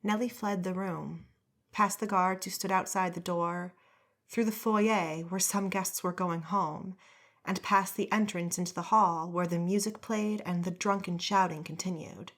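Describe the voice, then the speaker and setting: A female audiobook narrator reads a fantasy story in scripted narration, her storytelling voice steady and measured. Her pitch sits on the low side.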